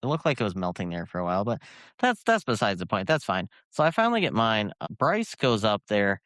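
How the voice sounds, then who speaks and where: A young man with a Michigan accent tells meandering stories in a casual podcast chat. His voice is smooth and resonant at a middling pitch. The sound is dry and close. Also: huge pitch swings, brisk, fairly bright tone, no echo. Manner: rambling, filler-heavy storytelling. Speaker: podcast co-host.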